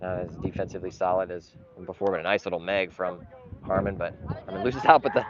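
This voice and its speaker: A man doing partisan play-by-play for his club's live stream, getting frustrated and sometimes yelling at calls. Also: sits low, fairly even intonation, fast. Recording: dull lo-fi live stream audio with noise.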